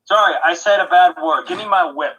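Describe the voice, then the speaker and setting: A man's voice: high-pitched, pushed and bright, poor audio. A man co-hosting a podcast in casual chat, rambling and laughing easily. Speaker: podcast co-host.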